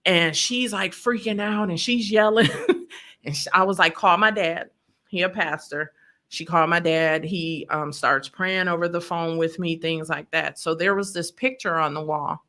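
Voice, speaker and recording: A woman's voice: lowish voice, normal speed, sharp tone. A woman telling a personal story in an emotional, vivid way, acting out what people said. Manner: vivid storyteller who acts out quotes. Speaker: podcast guest telling her story.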